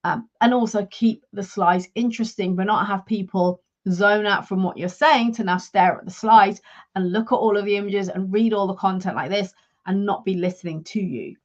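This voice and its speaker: A woman working as a leadership and career coach, giving a measured, instructive talk straight to her live viewers. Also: medium pitch, highs cut off.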